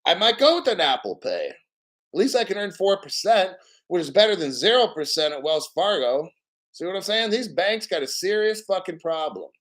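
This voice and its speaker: Man, casual commentary, blunt, profane, a bit out of breath, slightly high voice. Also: very animated, normal speed, fairly bright tone. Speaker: streamer commenting on news.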